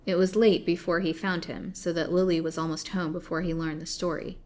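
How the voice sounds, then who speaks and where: A woman reading an old serialized novel aloud in an expressive, dramatic way. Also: fairly low pitch, a little fast. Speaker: storyteller.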